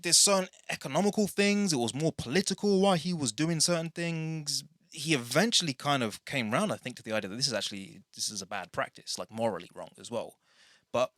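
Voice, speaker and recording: A man's voice: fairly high pitch, fairly bright tone, no echo, clean studio sound. A man hosting a casual podcast, rambling through tangents and correcting himself as he goes. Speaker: podcast host.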